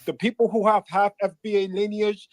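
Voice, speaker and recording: A man's voice: high-pitched, flat delivery, a little fast, no echo. A man with a New York accent calling in to a livestream, arguing his point in an insistent, repetitive, defensive way. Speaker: caller. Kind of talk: call-in argument.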